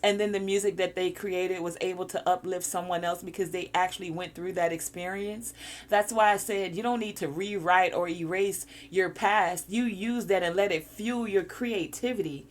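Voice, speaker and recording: A woman's voice: fairly low pitch, fairly even intonation, normal speed. A woman giving a spiritual encouragement talk, coaching listeners through breathing exercises. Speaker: spiritual guide.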